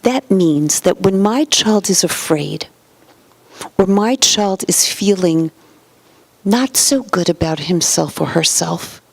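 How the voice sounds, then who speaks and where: A woman giving a parenting lecture in numbered points, acting out quoted parents and children and often dropping to a soft whisper. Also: fairly low pitch, animated, takes it slowly, gravelly, no echo. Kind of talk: motivational lecture.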